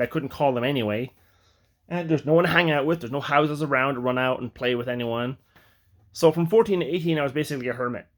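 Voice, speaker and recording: A man from Ireland looks back on his life in a slow, rambling vlog. His voice sits at an ordinary middle pitch, and he often stops partway through a phrase to restart it in a halting, reflective way. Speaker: vlogger. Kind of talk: personal storytelling.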